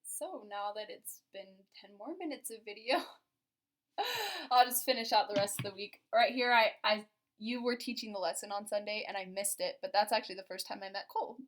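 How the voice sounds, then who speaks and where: A woman's voice: mid-range voice, brisk. A young woman telling a story to her partner in a casual, giggly way, with lots of "like" fillers. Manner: chatty and giggly, heavy use of "like". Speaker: vlogger recounting a first date to her partner.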